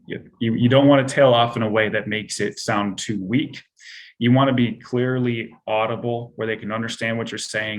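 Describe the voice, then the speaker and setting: A man presenting a persuasion training session, speaking softly and in a relaxed way on purpose, with many exploratory questions. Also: fairly low pitch. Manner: deliberately soft-spoken and relaxed. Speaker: sales and communication trainer.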